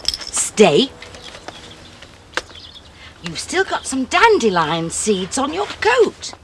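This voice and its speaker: A woman presenting and narrating a gentle, expressive children's story. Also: sits high, extremely slow, slight background noise.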